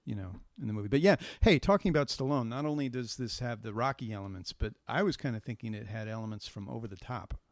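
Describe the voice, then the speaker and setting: Male podcast co-host, casual and rambling, mid-pitched, dry close mic. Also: expressive, no room sound. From Chicago. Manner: rambling, halting restarts with many fillers. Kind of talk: casual movie review chat.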